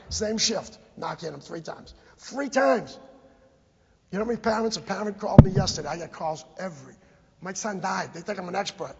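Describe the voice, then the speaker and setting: A man's voice: high-pitched, darkish tone, breathy edge. A middle-aged man gives an impassioned, repetitive public comment at a town committee meeting, urging the members to act. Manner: emphatic, repetitive, exhorting. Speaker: bereaved parent giving public comment. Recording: dull, echoey public-access meeting recording.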